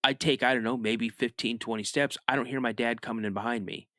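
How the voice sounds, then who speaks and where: A man who is a guest on a podcast, telling a personal story in a casual, animated way. He often restarts his sentences and adds "you know" asides. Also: medium pitch, a little fast, no room sound, studio quality. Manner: animated storyteller, rises sharply when acting out his younger self shouting.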